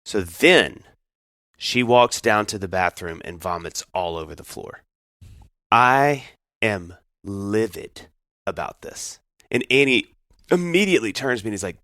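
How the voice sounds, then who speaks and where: A man co-hosting a podcast, telling stories in a casual chat with an animated delivery and lots of restarts. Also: lowish voice, unhurried, no room sound, clean studio sound. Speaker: podcast co-host.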